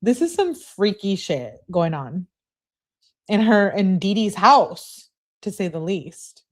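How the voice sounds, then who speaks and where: A woman's voice: medium pitch, sing-song, takes it slowly. A woman hosting a stream, reading messages aloud and adding blunt, exasperated commentary in a casual way. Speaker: host.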